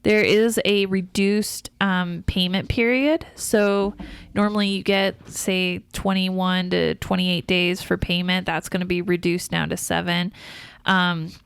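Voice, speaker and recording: A woman co-hosting a podcast in a casual discussion, explaining things at length with plenty of fillers and restarts. Her voice sits low with a gravelly edge. It comes through smooth and dry. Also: flat delivery, a little slow, dry recording. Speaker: podcast co-host.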